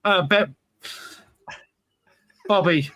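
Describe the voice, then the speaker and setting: A man's voice: high-pitched, very slow, fairly bright tone, dry recording. A man in his forties, co-hosting a podcast and trading casual banter, self-mocking about the teasing he gets. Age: 40s. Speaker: podcast co-host.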